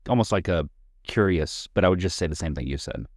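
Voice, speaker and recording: A man's voice: low voice, animated, a little fast, a little mellow, dry recording, clean studio sound. A man co-hosting a family counseling talk show, explaining communication tools with everyday examples in a thoughtful, conversational way. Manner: reflective, explains with examples, thinks aloud. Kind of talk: conversational podcast discussion.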